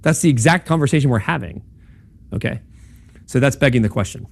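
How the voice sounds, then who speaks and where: A brisk man with a medium pitch and vocal fry gives an informal lecture at a campus talk. His manner is conversational; he checks in with the room through "right?" and "okay?" and dramatizes quoted voices in dialogue.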